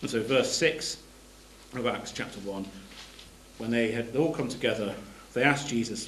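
A man's voice: medium pitch, moderate pace, fairly bright tone, roomy sound, a little hiss or hum, low-quality recording. A man giving a sermon. He reads scripture aloud and explains it plainly, stopping to restart his phrases. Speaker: preacher.

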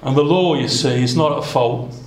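A man's voice: medium pitch, moderate pace. Earnest preacher man in an echoey hall. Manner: earnest, conversational, many asides and restarts. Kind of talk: expository Bible sermon. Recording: echoey room.

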